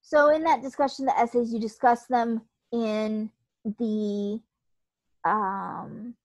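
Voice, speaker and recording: A woman with a fairly high voice teaches writing in a recorded online lecture. She explains in a loose, conversational way and leans on examples, and the sound is dry and close, with almost no room around her. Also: steady tone, takes it slowly, a little mellow, dry recording, low-quality recording. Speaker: writing instructor.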